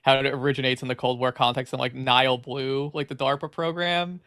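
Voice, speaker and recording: Fast, gravelly man stumbling through a reading. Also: mid-range voice, level tone, a bit bright, no room sound, studio quality. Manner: fast, filler-heavy reading with frequent stumbles and restarts. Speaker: podcast co-host. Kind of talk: reading an article aloud on a podcast.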